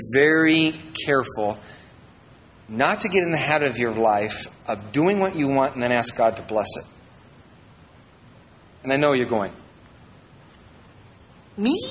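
A pastor from Iowa preaching a sermon, reading verses and adding jokey asides, swinging between loud and quiet. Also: male voice, mid-range voice, long reverb tail, poor audio.

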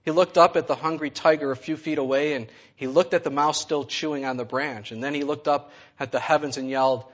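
A man's voice: on the high side, fairly even intonation, a little fast, hardly any pauses, muffled recording. A man preaching a sermon to his congregation, conversational and full of rhetorical questions. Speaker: pastor.

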